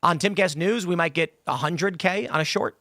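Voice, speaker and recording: A man's voice: fairly high pitch, sharp tone, dry recording, studio quality. A man hosting a casual political talk show, arguing pushily and interrupting often. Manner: pushy, argumentative, quick to interrupt. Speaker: podcast host. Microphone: studio microphone.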